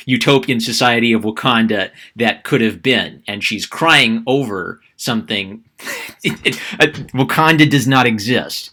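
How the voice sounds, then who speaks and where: A man with a fairly low voice runs a sarcastic opinion vlog. He stumbles and restarts his sentences often, in a loose conversational way. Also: bright, forceful tone. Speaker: YouTube commentator.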